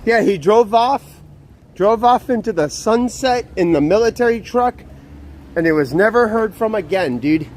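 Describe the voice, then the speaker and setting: A young man streams from outside and rants in a high, bouncing voice, swearing and repeating himself as he vents. His pitch jumps around a lot. Faint traffic hums behind him. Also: expressive, normal speed, a little mellow. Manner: profane, exasperated, repetitive ranting. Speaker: live streamer. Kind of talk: casual live stream talk.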